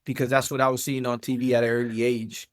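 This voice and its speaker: A man in his thirties with a South Florida accent, a podcast guest telling his story in a lively, chatty way with many fillers. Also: mid-range voice, fast talker, no echo, clean studio sound. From South Florida, USA. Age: 30s. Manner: animated storyteller, many fillers, addresses listeners as guys. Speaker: podcast guest, vet tech and entrepreneur. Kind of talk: casual interview chat.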